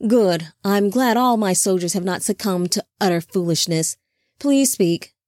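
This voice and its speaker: A woman's voice: mid-range voice, measured pace, darkish tone, dry recording, clean studio sound, lightly acted. A woman reading the part of a smug, cruel male angel leader who mocks and commands his soldiers. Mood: mocking. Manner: mocking, commanding.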